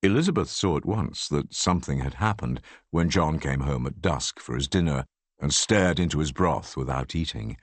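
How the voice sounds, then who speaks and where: A man reading an audiobook, narrating in an expressive, measured way. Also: extremely low pitch, no room sound. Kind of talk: scripted narration.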